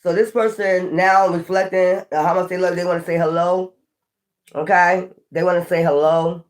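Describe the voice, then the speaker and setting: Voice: medium pitch, flat delivery, moderate pace. A tarot reader giving a casual, chatty reading to viewers, blunt and slangy, often laughing.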